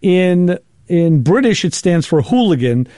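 Animated man telling rambling stories. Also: sits high, measured pace, no room sound, clean studio sound. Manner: rambling, animated anecdotes with acted-out quotes. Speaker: show host. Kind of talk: casual storytelling chat.

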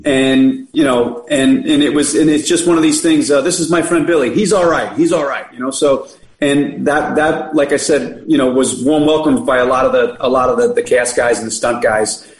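A man's voice: mid-range voice, moderate pace. Rambling storyteller man, echoey room. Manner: rambling, lots of fillers and restarts. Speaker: podcast guest. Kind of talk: casual storytelling.

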